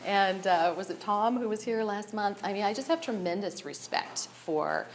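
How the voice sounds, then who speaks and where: A woman's voice: medium pitch, normal speed. A woman giving a personal share at a recovery meeting, nervous and emotional, often breaking into laughter as she speaks candidly.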